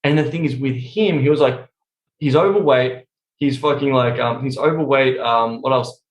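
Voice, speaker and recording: A man's voice: medium pitch, normal speed, echoey room. A man talking casually on a podcast, telling rambling stories full of swearing. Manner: profane, rambling storytelling.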